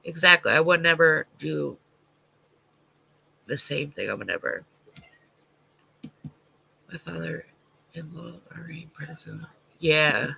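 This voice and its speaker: A man's voice: fairly high pitch, expressive, slow pace, gravelly, long pauses, pushed and bright, slight background noise, low-quality recording. A man hosting a casual livestream, talking bluntly and with plenty of swearing as he responds to viewer comments, sounding congested with a stuffy nose. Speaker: livestream host.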